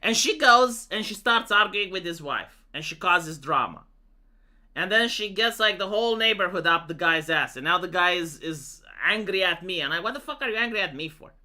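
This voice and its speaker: A man's voice: high-pitched, normal speed, sharp tone. A man chatting casually with his livestream viewers, telling rambling stories with many restarts and swearing. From Romania. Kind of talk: casual chat to stream viewers.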